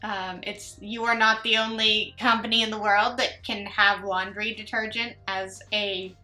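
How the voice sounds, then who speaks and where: A woman's voice: mid-range voice, fairly even intonation, a little slow, sharp tone. A young woman hosting a reaction video, reading posts aloud and adding chatty, sarcastic asides that ramble off topic.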